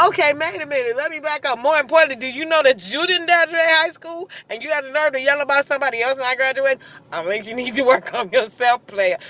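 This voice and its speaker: A woman's voice: high voice, fast, sharp tone. A woman in her thirties telling a story in a blunt, sassy way, laughing as she vents, recorded in a car. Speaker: vlogger. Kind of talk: venting storytime monologue.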